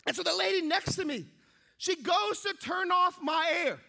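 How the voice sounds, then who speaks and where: Young male preacher, very high and forceful voice, animated storyteller. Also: normal speed, vocal fry. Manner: lively storytelling, acting out his own thoughts. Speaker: pastor. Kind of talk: sermon with a comic personal story.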